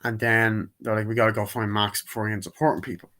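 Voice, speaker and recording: A young man recaps a film in loose, rambling talk, his voice sitting slightly low. He keeps breaking into quick, high-pitched impressions of the characters as he goes. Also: little pitch movement, sharp tone. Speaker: movie reviewer. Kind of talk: casual spoken movie review.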